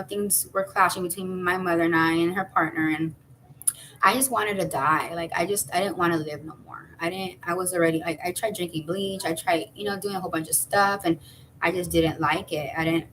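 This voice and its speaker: A woman's voice: steady tone, normal speed, a bit bright, a little hiss or hum, poor audio. A woman in her thirties telling a personal story casually, rambling with fillers and restarts. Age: 30s. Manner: acts out quoted voices with high jumps. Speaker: vlogger.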